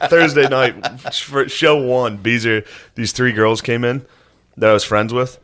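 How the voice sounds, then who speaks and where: A man's voice: mid-range voice, fairly even intonation, unhurried, a bit bright. A man, co-hosting a podcast in crude, laughing banter. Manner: laid-back, crude, laughing while telling stories. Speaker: podcast co-host.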